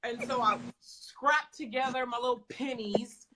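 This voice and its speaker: A woman's voice: a little high, measured pace, very noisy. A woman coach, telling a story in a blunt, emphatic way with some swearing, in a casual conversation. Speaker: business coach.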